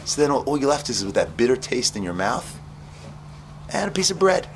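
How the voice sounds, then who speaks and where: A man teaching yeshiva students, telling a parable in an animated, conversational way with many fillers. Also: mid-range voice, fairly quick, a little hiss or hum. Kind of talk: storytelling sermon.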